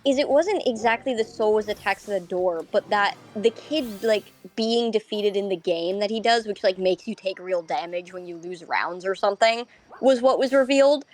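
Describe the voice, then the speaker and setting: A woman's voice: mid-range voice, normal speed, darkish tone. A woman co-hosting a stream, chatting casually and eagerly adding details. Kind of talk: casual chat.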